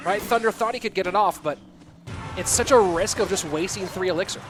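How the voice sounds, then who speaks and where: A high-pitched American man commentates an esports match live. He chats easily with viewers between plays, and clear music plays behind him. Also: brisk, fairly bright tone. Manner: chatty, reads out and answers viewer chat.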